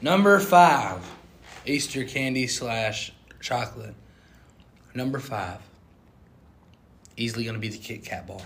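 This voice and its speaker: A young man co-hosting a casual chat, animated and prone to sudden loud outbursts. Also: medium pitch, a little slow, long pauses, slight background noise. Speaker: co-host.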